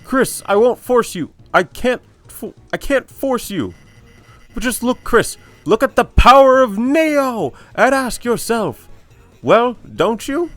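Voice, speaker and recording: A man's voice: very high-pitched, slow pace, dry recording, faint music behind, voice pushed up, full character voice. Man putting on Spamton, a frantic puppet salesman. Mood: pleading. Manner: excitable, pushy salesman patter. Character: frantic male puppet salesman, scheming and grandiose.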